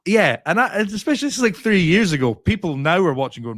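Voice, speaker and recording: A Scottish man tells a story in casual chat, his voice sitting a little high and swinging widely as he goes. He swears freely and keeps the tale moving. The sound is dry and close. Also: quick pace, no echo. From Scotland. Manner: animated, sweary anecdote telling. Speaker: comedian guest.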